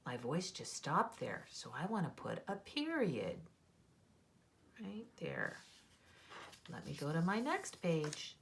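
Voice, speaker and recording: Slow, sing-song woman teaching young kids. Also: low-pitched, sing-song, creaky, slight background noise. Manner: sounds out letters and exaggerates vocal tone.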